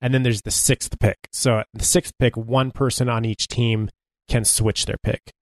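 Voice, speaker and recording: A man's voice: mid-range voice, level tone, moderate pace, no room sound. A man co-hosting a casual gaming podcast, wry and long-winded, with lots of fillers as he explains things. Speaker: podcast co-host.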